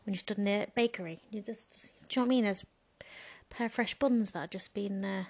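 A woman's voice: mid-range voice, a little fast, a little mellow. A woman in a frank, bawdy comedic monologue, chatting casually and laughing often. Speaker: vlogger.

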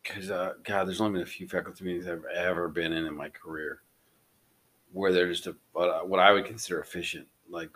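A man with a fairly low voice, co-hosting a casual podcast about school life. He rambles through his points with plenty of fillers, and his asides come out wry. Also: steady tone, brisk, a bit bright. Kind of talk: casual chat.

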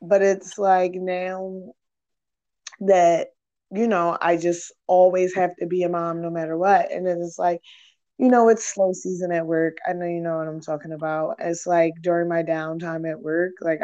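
A woman's voice: on the low side, mellow, muffled recording. A young woman hosting a candid podcast chat, talking frankly and with lots of swearing, rambling through her thoughts with many fillers. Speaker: podcast host.

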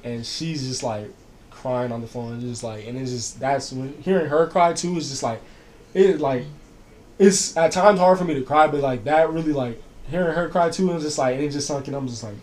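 A young man chatting casually at an ordinary middle pitch. He rambles, piling on fillers and "I was like" as he tells a story. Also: moderate pace, darkish tone. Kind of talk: casual chat.

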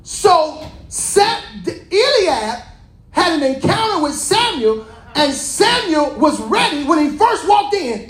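A preacher giving a lively, colloquial sermon, repeating phrases and calling out to the congregation. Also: very high-pitched, slow pace, reverberant.

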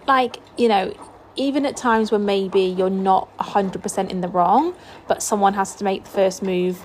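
A woman's voice: medium pitch, a little mellow, slight background noise. A woman in her thirties, hosting a casual solo podcast from home with a chatty, candid manner and lots of fillers. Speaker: podcast host. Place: home, feeding a baby. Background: household sounds, washing machine.

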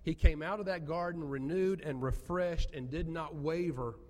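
A man's voice: a little high, moderate pace, a little mellow, in a large hall. A man preaching an earnest sermon as pastor, building to emphatic peaks.

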